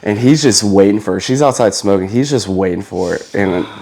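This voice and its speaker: Chef telling a story with lively acted dialogue. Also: male voice, fairly low pitch, fairly quick. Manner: animated, acts out quoted dialogue, laughs often. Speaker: podcast guest, chef. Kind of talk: casual storytelling.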